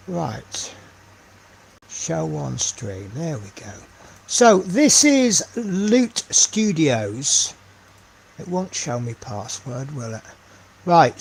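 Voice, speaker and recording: A slow-talking man chats on a live stream while painting miniatures, rambling and thinking aloud with plenty of ums. His voice sits a touch high for a man, and a faint hum of room ambience runs behind him.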